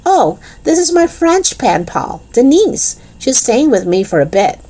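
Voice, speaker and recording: A woman's voice: sits high, big pitch swings, measured pace, warm tone, voice pushed up, exaggerated voice. A woman voicing a cheerful, scheming schoolgirl in a read-aloud storybook. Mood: bright. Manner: cheerful and persuasive.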